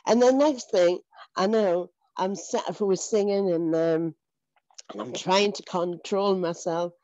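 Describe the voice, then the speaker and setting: A woman's voice: on the low side, measured pace, mellow, dry recording, muffled recording. A woman giving an earnest, emotional personal faith testimony, often repeating herself and laughing between phrases. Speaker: church member giving testimony.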